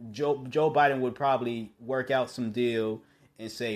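A man hosting his own podcast, speaking in a blunt, opinionated monologue that often restarts mid-sentence and rises into forceful bursts. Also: medium pitch, steady tone, measured pace. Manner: conversational with frequent restarts. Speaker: podcast host.

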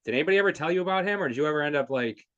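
A man's voice: on the high side, animated, very fast, fairly bright tone, highs cut off. A man hosting a podcast, asking questions in a chatty way with lots of fillers. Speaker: podcast host. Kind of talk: casual interview.

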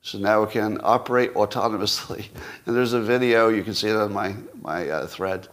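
A man's voice: lowish voice, moderate pace, fairly bright tone. A man in his sixties hosting a solo commentary show, rambling and self-mocking with frequent chuckles. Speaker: podcast host.

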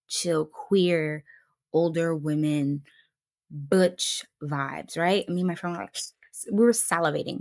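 A young woman hosting a podcast on her own, telling a story in a casual, playful way and jumping high in pitch when she quotes people. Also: vocal fry. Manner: animated, playful, swoops high for quoted voices. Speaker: podcast host.

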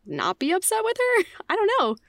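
A young woman guest on a podcast, chatting casually, laughing often and acting out quotes in a higher voice. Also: wildly swooping pitch, moderate pace, background noise. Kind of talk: casual chat.

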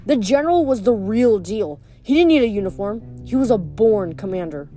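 A woman's voice: mid-range voice, expressive, fairly quick, few pauses, warm tone, soft background music. A woman reading a novel aloud, now and then stumbling over words and correcting herself. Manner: occasional stumbles and self-corrections. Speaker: reader.

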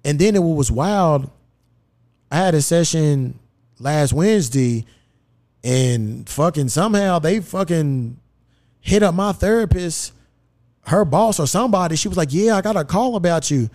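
This podcast host is a man whose voice runs a little high and whose delivery is a little slow. Recording in a studio, he spins a profane, lively story and voices the dialogue himself.

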